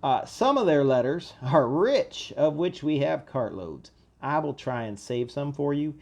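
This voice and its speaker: A man doing a young Southern soldier with a put-on American Southern accent, reading his letter home in a boastful, spirited voice. The voice runs a bit higher and louder than a plain reading, with a gravelly edge. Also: very animated, a little slow, full character voice.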